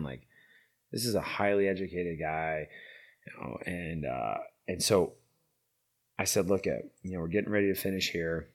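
Deep-voiced middle-aged man telling a story. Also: slightly rough. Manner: rambling, filler-heavy, loudness swings from lively to hushed. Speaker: interview guest, founder of a veterans' horse program. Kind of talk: casual storytelling.

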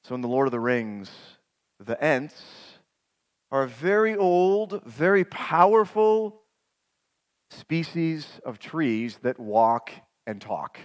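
A middle-aged man preaching a sermon, retelling scripture as a vivid dramatic story and rising to loud emphatic peaks. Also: mid-range voice, sing-song, slow pace. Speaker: pastor.

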